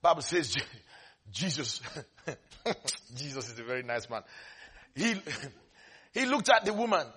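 A man preaching a sermon with great animation, dropping to soft asides and rising to shouts as he acts out Bible scenes. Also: fairly high pitch, sing-song, a little slow, long pauses, breathy edge.

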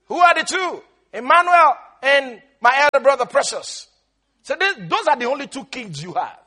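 A man with a very high, bright and somewhat husky voice delivers a sermon as a pastor. His pitch swings widely as he drags words out for emphasis and then bursts into shouts. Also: very animated, moderate pace.

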